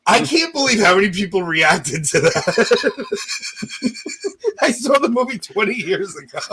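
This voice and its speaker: A man's voice: high-pitched, takes it slowly, long pauses, rough recording. A man on a podcast telling funny stories in casual chat, joking and acting out what others said. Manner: joking, animated, acts out others' lines. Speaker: podcast co-host.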